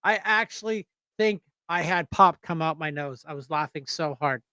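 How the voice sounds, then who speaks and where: A man's voice: fairly high pitch, normal speed, pushed and bright, smooth, dry recording. Blunt rambling male livestream host. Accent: Erie, Pennsylvania. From United States. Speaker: show host. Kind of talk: casual political livestream talk.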